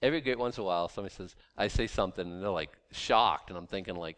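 A man reading scripture aloud and explaining it in a casual, animated way, with sarcastic asides and many restarts. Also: lowish voice, fast, hardly any pauses. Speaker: Bible teacher. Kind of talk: conversational Bible teaching.

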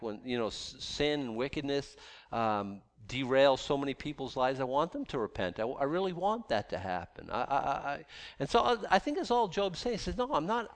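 A man's voice: mid-range voice, clean tone. A man preaching a sermon in a conversational way, often restarting and repeating words as he goes. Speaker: pastor.

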